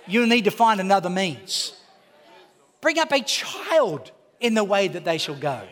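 A man, preaching a lively sermon with jokes and acted-out voices. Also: extremely high pitch. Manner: animated, acts out voices, jokes with the congregation. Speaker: pastor. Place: church auditorium. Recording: preaching in a reverberant hall.

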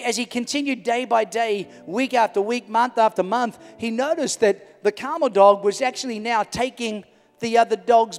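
A middle-aged male pastor preaching a sermon in a large church hall, swinging from loud to hushed. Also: sits high, creaky. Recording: reverberant church hall with music.

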